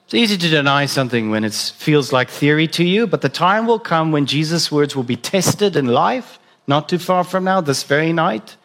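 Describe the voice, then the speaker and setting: A man's voice: fairly high pitch, expressive, normal speed, hardly any pauses, fairly bright tone. A man preaching a sermon in a conversational way, asking the listeners direct questions. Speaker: pastor.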